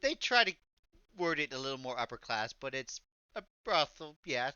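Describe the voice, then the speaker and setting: Man, game master, laid-back, bright tone, smooth voice. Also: medium pitch, very animated, normal speed, dry recording, highs cut off. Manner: laid-back, says y'all. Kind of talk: narrating a tabletop game.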